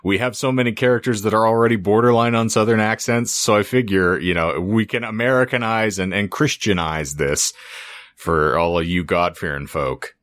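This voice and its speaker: A man's voice: fairly low pitch, moderate pace. A man hosting a podcast, trading crude jokes in casual banter. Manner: crude joking, animated. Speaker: podcast host.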